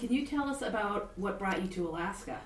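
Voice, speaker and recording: A woman interviewer gently prompting with hesitant questions for an oral history. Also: mid-range voice, expressive, a little fast. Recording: distant mic in echoey room.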